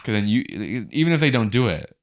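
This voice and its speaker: A man's voice: mid-range voice, animated, fast talker. A young man co-hosting a podcast in casual chat, teasing and baiting his friend and laughing through his lines. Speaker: podcast co-host.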